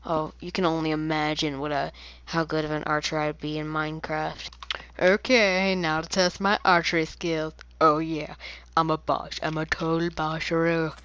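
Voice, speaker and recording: Woman, lowish voice, goofy rambling gameplay commentary, muffled lo-fi mic. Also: flat delivery, moderate pace, a bit bright, clear, resonant tone, no echo. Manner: playful, rambling, silly asides. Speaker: gaming video creator.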